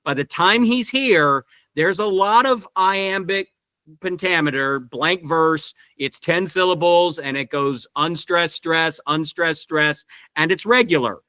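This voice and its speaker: Over a video call, a man directs actors in a Shakespeare verse workshop, thinking aloud and restarting often as he teaches. His fairly high voice is pushed and bright, and he takes it slowly, with no echo in the recording.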